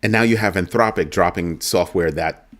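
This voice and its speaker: A man's voice: sits low, moderate pace. A man hosting a casual talk show, telling a story and mimicking a coworker with emphatic asides. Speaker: host. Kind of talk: casual chat.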